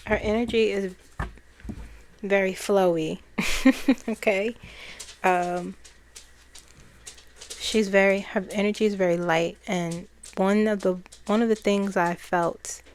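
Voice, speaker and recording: Slow, soft-spoken woman. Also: mid-range voice, steady tone, a little hiss or hum. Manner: soft-spoken, reflective, laughs often. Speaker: spiritual channeler and reader. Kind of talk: casual spiritual talk.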